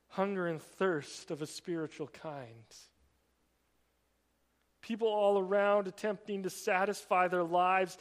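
Guy preaching a sermon, pretty high voice, long echo like a big church hall. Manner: swings from emphatic raised delivery to quiet, drawn-out emphasis. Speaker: pastor.

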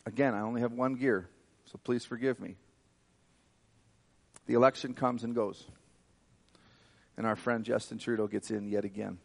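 A man's voice: mid-range voice, fairly even intonation, normal speed, creaky, long pauses. Fervent man preaching. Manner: fervent, emphatic preaching with personal testimony. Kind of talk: sermon.

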